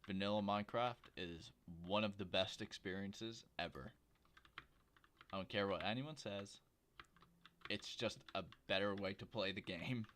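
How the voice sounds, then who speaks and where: A man with a fairly low voice streams a game from home, rambling and joking with his viewers. His quiet desk microphone picks up faint hiss and the clicks of his keyboard. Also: measured pace. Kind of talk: casual livestream commentary while gaming.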